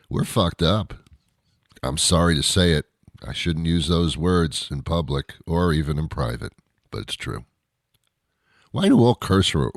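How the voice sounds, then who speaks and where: In a low-pitched voice captured dry at studio quality, a middle-aged radio host from Canada rants incredulously through a solo monologue, doing mocking impressions of people.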